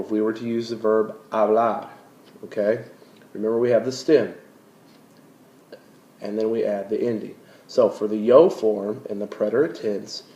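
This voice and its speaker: A man teaching a recorded lesson, slowly and carefully sounding out each word. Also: fairly low pitch, mellow. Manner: slow, careful pronunciation of Spanish words. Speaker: Spanish teacher. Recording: roomy, dull lo-fi recording.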